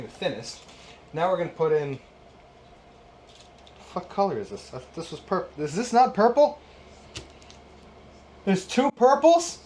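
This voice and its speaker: In a casual how-to vlog, a YouTube host in his thirties restrings a guitar while ranting with sarcastic, exasperated swearing. His voice is on the high side, with slight background noise.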